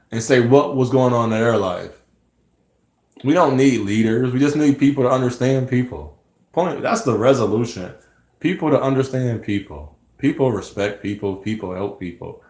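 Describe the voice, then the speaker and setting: A vlogger with a medium-pitched voice in a reverberant space delivers a rambling, earnest personal monologue, preaching about hate, self-reflection and staying positive.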